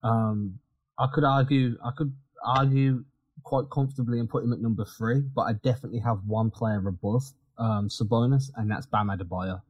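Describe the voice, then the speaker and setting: A man co-hosting a casual sports podcast, talking in an animated, quick way with frequent restarts. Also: mid-range voice, husky, no room sound, dull audio. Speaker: podcast co-host.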